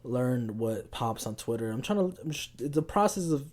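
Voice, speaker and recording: This is a young man co-hosting a casual podcast, chatting loosely and telling rambling stories. He often restarts his sentences, and his pitch sits in the middle for a man. His delivery is animated. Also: moderate pace. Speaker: podcast co-host. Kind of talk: casual chat.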